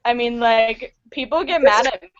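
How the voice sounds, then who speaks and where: A woman in a casual book club chat over a video call, tossing out playful deadpan quips and giggling. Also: fairly high pitch, normal speed. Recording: muffled video-call audio.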